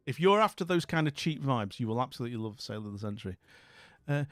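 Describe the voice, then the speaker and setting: Lively Scottish man chatting on stream. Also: medium pitch, fast, no echo. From Scotland. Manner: chatty, storytelling while reading chat aloud. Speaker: livestream host. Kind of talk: casual livestream chat.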